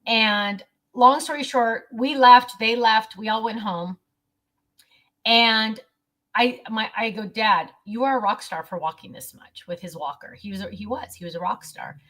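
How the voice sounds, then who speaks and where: A middle-aged woman shares a family outing straight to camera in a loose, chatty vlog. Her voice sits a little high and rings bright and forward. She keeps slipping into little put-on voices for her relatives and laughing along. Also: a little slow. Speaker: vlogger. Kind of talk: casual storytelling vlog.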